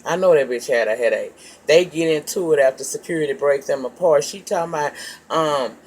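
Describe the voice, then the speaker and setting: A woman's voice: deep voice, fairly quick, a little hiss or hum. A woman recapping a reality show episode in a casual, gossipy way, swearing freely and calling her listeners child and baby. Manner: profane, animated storytelling, calls listeners child and baby.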